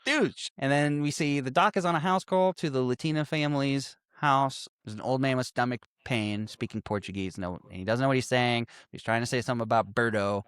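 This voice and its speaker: A man co-hosting a podcast, casually retelling a movie's scenes with swearing and quick acted-out quotes. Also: mid-range voice, clear, resonant tone, no echo, clean studio sound. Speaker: podcast co-host. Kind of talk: casual movie recap chat.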